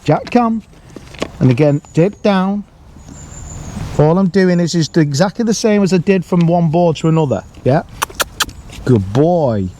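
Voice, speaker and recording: Calm man coaching dog training. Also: high voice, moderate pace, a little hiss or hum. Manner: calm, explanatory, with sharp calls to the dog. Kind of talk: outdoor training demonstration. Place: outdoors in a field.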